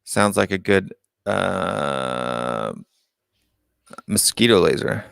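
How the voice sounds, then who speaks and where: Gravelly American man hosting a live stream. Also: sits low, lively intonation, drawn-out words, fairly bright tone, dry recording, clean studio sound. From United States. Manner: reads out viewer comments and muses on them aloud. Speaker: live-stream call-in show host. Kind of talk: casual live-stream chat.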